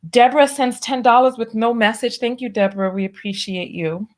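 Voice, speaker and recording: Female host, animated commentary voice, preachy tone, reads donations aloud. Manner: lively, preachy, drawn-out emphasis with big pitch swings. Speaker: show host. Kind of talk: commentary and reading viewer donations.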